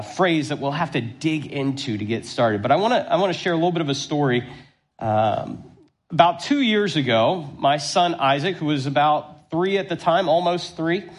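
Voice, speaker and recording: A man in his thirties with a high, light voice preaches to his congregation. He tells stories with animated, self-deprecating humor, then slows down to read scripture. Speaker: pastor. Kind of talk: sermon.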